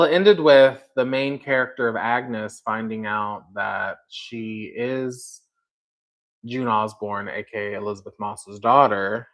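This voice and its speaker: Male livestream host, unhurried and chatty, rambling with lots of fillers, speaking to a viewer in chat. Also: lowish voice, a bit bright.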